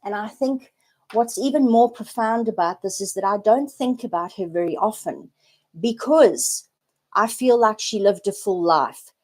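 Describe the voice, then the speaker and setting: A spiritual vlogger in her forties shares a personal story on an unscripted live video, earnest and reflective, often restarting and repeating words. Her voice is mid-range and a little mellow, and she keeps a measured pace.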